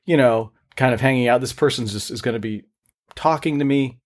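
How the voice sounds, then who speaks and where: A man's voice: mid-range voice, fairly quick. A man co-hosting a podcast, chatting casually and telling stories with laughter. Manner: animated storyteller, laughs often. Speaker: podcast co-host. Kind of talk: casual chat.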